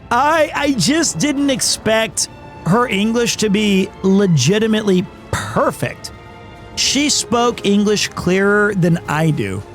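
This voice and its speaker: A man streaming live tells a rambling story in casual chat and acts out each quote. His voice sits fairly high. Soft music plays faintly in the background. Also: lively intonation, takes it slowly.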